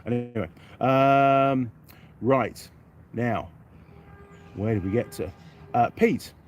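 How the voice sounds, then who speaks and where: A man's voice: fairly low pitch, moderate pace, a little hiss or hum. A middle-aged man from York, England, hosting a casual outdoor live stream, chatting and reading out viewer comments by name in a self-deprecating way.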